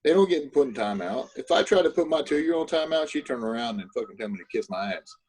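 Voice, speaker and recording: A man's voice: mid-range voice, lively intonation, fast talker, a little mellow, rough recording. A man, a podcast guest, talking in loose, profane casual chat.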